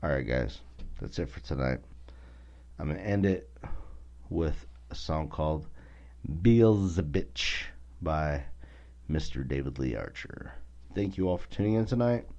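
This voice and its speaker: A man's voice: deep voice, a little mellow, dull audio. A man with a Southern US accent hosting a podcast alone, ranting bluntly and with plenty of profanity. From American South. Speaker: podcast host. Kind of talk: casual solo rant.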